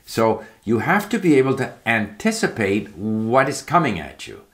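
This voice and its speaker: A man's voice: mid-range voice, very animated, moderate pace, a bit bright. A man giving casual, rambling spoken advice about language learning, with frequent fillers and restarts. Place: home in Palm Springs.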